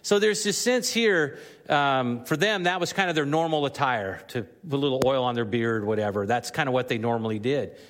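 A man's voice: medium pitch, normal speed, a bit bright, big-room sound. A man preaching a sermon as the pastor, earnest and rising to emphatic exhortation. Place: church sanctuary.

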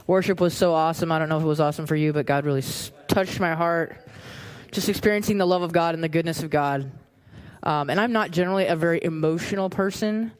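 A woman preaching a sermon in a casual, animated way, often repeating phrases for emphasis. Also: low voice, quick pace. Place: church.

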